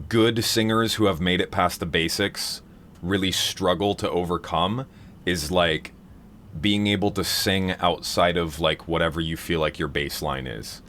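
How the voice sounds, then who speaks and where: Low-voiced man rambling on a live stream. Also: a bit bright, slight background noise. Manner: rambling, many fillers and restarts. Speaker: streamer hosting a vocal seminar. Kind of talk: casual live-stream chat.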